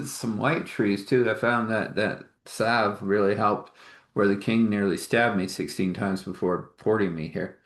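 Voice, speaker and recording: A man telling an improvised story in a rambling, halting way, acting out the dialogue in shifting voices. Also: lowish voice, steady tone, roomy sound.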